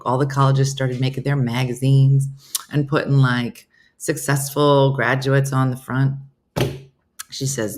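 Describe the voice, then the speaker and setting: A middle-aged woman with a low voice, talking casually as a comedian host. She tells anecdotes with lots of quoted back-and-forth and answers viewers by name. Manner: chatty storyteller, quoting others in lively voices. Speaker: comedian hosting a live morning show. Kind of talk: casual chat reading viewer comments.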